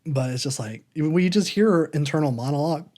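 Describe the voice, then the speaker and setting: A man's voice: on the high side, animated, brisk, darkish tone. A man co-hosting a podcast in casual chat, rambling and wry, hedging as he goes. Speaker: podcast co-host.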